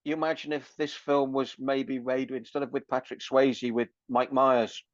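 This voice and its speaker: A man's voice: mid-range voice, flat delivery, moderate pace, no echo. Man on a dull, dry mic. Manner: reflective, joking. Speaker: podcast co-host. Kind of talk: casual film review chat.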